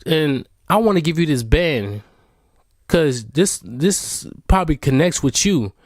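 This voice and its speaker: A man voicing a strange female substitute teacher as he retells a story, speaking calmly and offhandedly. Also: fairly high pitch, measured pace, dry recording, clean studio sound. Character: odd female substitute teacher, soft-spoken.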